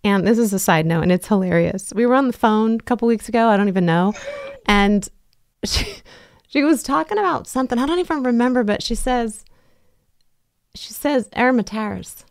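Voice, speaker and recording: A woman co-hosting a podcast, chatting in a bubbly, giggly, animated way as she tells stories. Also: on the high side, brisk, no echo, clean studio sound. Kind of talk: casual chat.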